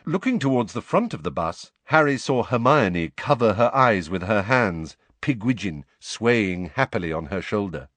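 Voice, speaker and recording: A man narrating a novel aloud in a low voice with a lively, rising and falling delivery. The sound is close and dry, with no room around it. His reading is expressive and steady. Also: normal speed, few pauses, no room sound. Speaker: audiobook narrator. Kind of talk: scripted narration.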